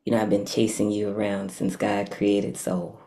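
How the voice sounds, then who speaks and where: A woman's voice: extremely low pitch, completely flat delivery, moderate pace, mellow. A woman giving heartfelt, emphatic thanks to her mentors, repeating phrases for weight.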